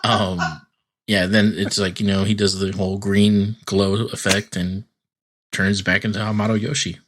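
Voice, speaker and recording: A man's voice: on the low side, level tone, moderate pace, noisy background. A man co-hosting a podcast, casually recapping a cartoon episode in a rambling way full of "like" fillers. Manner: rambling storytelling, many "like" fillers, acting out quotes. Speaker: podcast co-host.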